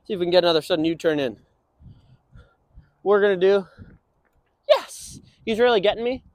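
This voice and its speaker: A young man training a dog, explaining casually and breaking into high sing-song praise for it. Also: fast talker, a little mellow, no room sound. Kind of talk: instructional walk-and-talk.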